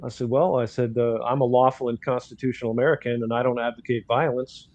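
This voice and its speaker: A man's voice: medium pitch, level tone, fast, darkish tone, dry recording. An older man, a grandfather, bluntly telling a story in casual talk and acting out the dialogue. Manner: blunt, outspoken, acts out dialogue in quotes. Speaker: guest commentator.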